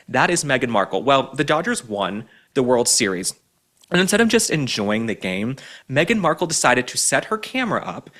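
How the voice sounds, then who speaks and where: Animated, sarcastic male political commentator. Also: medium pitch. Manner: sarcastic, mocking, indignant. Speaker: host.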